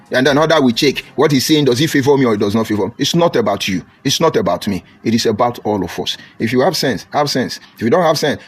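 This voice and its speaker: This is a man with a Nigerian accent and a medium-pitched, slightly rough voice. He hosts a live stream, greets viewers by name, and delivers a mocking, combative political monologue that swells into loud outbursts.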